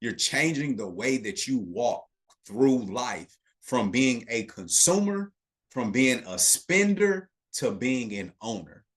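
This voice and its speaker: A man's voice: mid-range voice, expressive, slow. A man teaching a live online investing class in a casual way, emphatic and talking straight to his chat audience, repeating key points and checking in with "okay".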